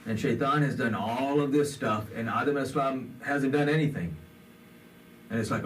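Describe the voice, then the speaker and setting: A man's voice: mid-range voice, normal speed, a bit bright, far from the mic, a little hiss or hum. A man giving a conversational sermon, with many fillers, in a community center hall. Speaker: imam.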